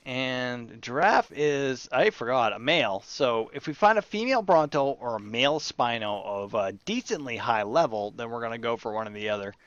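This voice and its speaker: A man's voice: medium pitch, a bit bright, smooth, no room sound, dull audio. A man hosting his gaming channel, chatting and rambling through his gameplay and talking to the animals in the game. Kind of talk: casual gameplay commentary.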